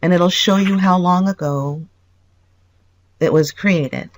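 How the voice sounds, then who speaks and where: A woman's voice: lowish voice, slow, a little hiss or hum. A woman on a phone call, patiently explaining things step by step. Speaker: online helper on a phone call.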